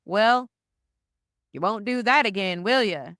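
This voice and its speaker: A woman voicing a gruff, exasperated male British truck driver with a poorly imitated British accent. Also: high voice, animated, a little slow, sharp tone, no echo, studio quality, voice pushed up, exaggerated voice. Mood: chiding. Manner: scolding.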